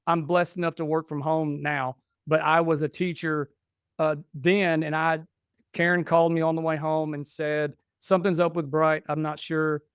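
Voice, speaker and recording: A man's voice: fairly high pitch, flat delivery, moderate pace, clear, resonant tone, dry recording, clean studio sound. A man in his forties, a podcast guest, telling family stories casually and acting out what was said back and forth. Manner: chatty, restarts and quotes himself. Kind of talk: casual storytelling.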